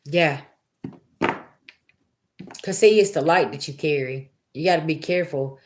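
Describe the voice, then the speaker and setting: A woman's voice: sits low, measured pace, darkish tone, a little hiss or hum. A woman hosting a tarot reading livestream, chatting casually with her viewers and telling a story in a loose, colloquial way. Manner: chatty storyteller, talks back to chat, colloquial. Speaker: tarot reader livestream host.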